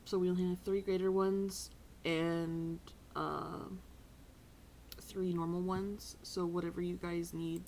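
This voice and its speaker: A woman's voice: fairly low pitch, flat delivery, slow, darkish tone, slight background noise, rough recording. A woman playing a tabletop game who talks expressively, with lots of fillers. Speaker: player.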